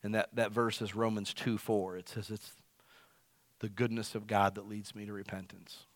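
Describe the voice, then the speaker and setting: A man preaching a sermon who calls himself loud. He swings from loud emphatic lines to quiet asides. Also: on the low side, flat delivery, normal speed, no echo. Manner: self-described as loud. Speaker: pastor.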